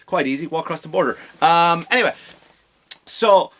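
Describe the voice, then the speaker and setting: A man in a comedic rant, sarcastic and mocking, swearing freely. His voice sits a little high and cuts through with a sharp, forceful brightness. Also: animated, fast talker. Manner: sarcastic, profane; mocking, exaggerated. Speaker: comedy podcast host.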